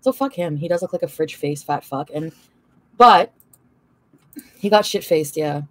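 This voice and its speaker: A woman's voice: deep voice, lively intonation, measured pace, no room sound. A young woman livestreaming an angry, profane, rambling rant full of fillers.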